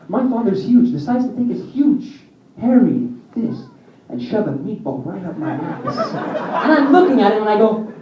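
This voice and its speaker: Young male stand-up, high voice, crude rambling bits, distant echoey lo-fi club recording. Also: slight background noise. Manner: crude, rambling storytelling with audience laughs. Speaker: stand-up comic. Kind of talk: stand-up comedy set. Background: audience laughter.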